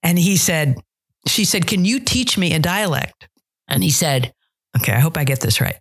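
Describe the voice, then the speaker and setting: A woman's voice: low voice, animated, moderate pace, breathy edge. A middle-aged woman who coaches dialects and directs theater, chatting in an interview and telling stories with restarts. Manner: chatty storyteller, trails off and restarts. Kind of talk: casual interview conversation.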